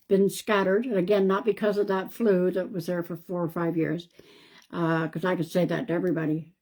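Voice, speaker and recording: Woman, psychic medium, live card reading, low pitch, mellow tone, reassuring. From Canada. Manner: calm, reassuring, thinking aloud.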